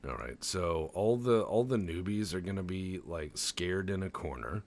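A man's voice: sits low, expressive, moderate pace, a little mellow. A man doing rambling, profane, jokey let's-play commentary over a strategy game, tossing in goofy voices. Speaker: gaming channel host.

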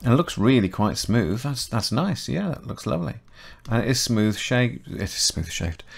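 A middle-aged man with a chatty, self-correcting manner, talking through a software modelling tutorial step by step. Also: mid-range voice, big pitch swings, normal speed, gravelly, hardly any pauses. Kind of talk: casual screen-recorded software tutorial.

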